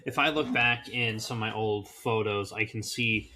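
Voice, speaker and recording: A man in his twenties co-hosting a podcast, chatting in a relaxed way with joking asides. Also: lowish voice, normal speed, slight background noise. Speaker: podcast co-host. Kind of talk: casual chat.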